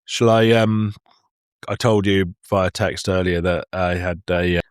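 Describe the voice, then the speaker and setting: Lowish-voiced dad type laughing thru movie chat, dry close mic. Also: male voice, unhurried, clean tone, no echo. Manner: playful, laughing, animated asides. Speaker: podcast co-host. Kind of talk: casual film chat.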